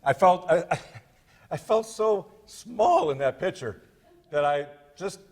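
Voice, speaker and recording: Male comic storyteller, lively pitch, folksy self-deprecating delivery, handheld mic. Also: slow. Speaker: storyteller speaker.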